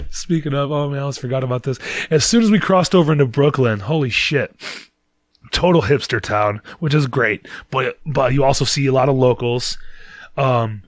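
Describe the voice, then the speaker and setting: A man's voice: mid-range voice, normal speed, dry recording. A man hosting a podcast, telling a rambling, profane story in casual chat and laughing at himself. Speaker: podcast host.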